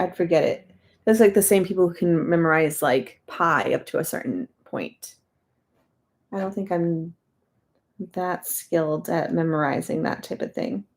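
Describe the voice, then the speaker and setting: A woman's voice: on the low side, darkish tone. A young adult woman chatting casually while she works on a jigsaw puzzle, amused, and now and then talking to the pieces. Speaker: puzzle video host.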